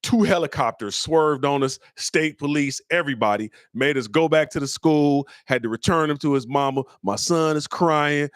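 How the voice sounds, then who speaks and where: A middle-aged man from Michigan hosting a comedy call-in show. He tells stories in casual slang, acts out the people he quotes in a higher voice, and turns blunt and preachy. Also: moderate pace, hardly any pauses, smooth, dry recording, clean studio sound. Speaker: comedian host answering listener questions. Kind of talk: casual storytelling chat.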